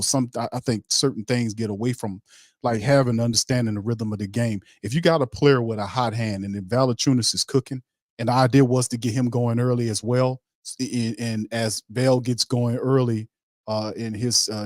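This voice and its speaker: A man's voice: mid-range voice, darkish tone, no echo, clean studio sound. A man hosting a casual sports talk show, talking in a loose, emphatic, slangy way with many restarts. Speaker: podcast host.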